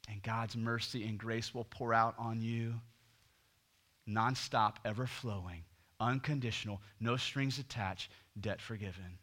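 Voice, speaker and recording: A middle-aged man preaching a sermon, swinging from loud emphasis to hushed near-whispers. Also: medium pitch, a little slow. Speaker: pastor.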